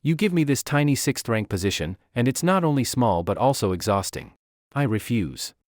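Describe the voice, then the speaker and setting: Male narrator as a sly young noble feigning blindness, whiny and pleading, animated delivery. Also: medium pitch, moderate pace, no echo, clean studio sound, lightly acted. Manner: wheedling, pleading, mock-pitiful.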